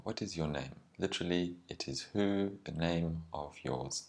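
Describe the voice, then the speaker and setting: Very deep-voiced male language teacher. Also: darkish tone. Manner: careful and explanatory, with some ums and slowed words. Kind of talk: explanatory language lesson.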